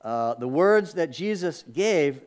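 A male pastor delivers a sermon from his church, a slightly higher-pitched voice. He preaches in a conversational way, dropping in asides and rhetorical questions to his congregation. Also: lively intonation, slow pace. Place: church sanctuary.

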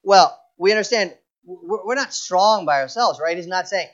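A man's voice: high-pitched, animated, moderate pace, fairly bright tone, lo-fi sound. A man preaching a sermon earnestly, often repeating a word as he restarts a phrase. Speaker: pastor.

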